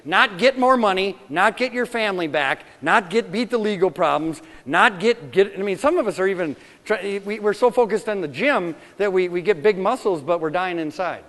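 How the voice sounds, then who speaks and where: A man's voice: sits high, expressive, normal speed, few pauses, a bit bright. A male pastor preaching a sermon with passionate, conversational delivery, often restarting his sentences. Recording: long hall reverb.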